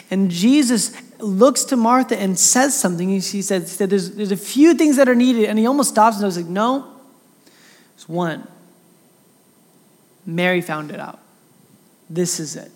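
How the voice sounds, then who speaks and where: A man preaching, reading scripture aloud with dramatic voices for the quotes and then commenting in a casual way. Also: high-pitched. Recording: long reverb of a hall.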